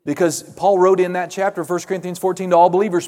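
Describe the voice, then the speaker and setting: A man preaching a fervent sermon, calling out amens and hallelujahs, swinging between loud and hushed. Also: sits high, level tone, quick pace, long reverb tail. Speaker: pastor.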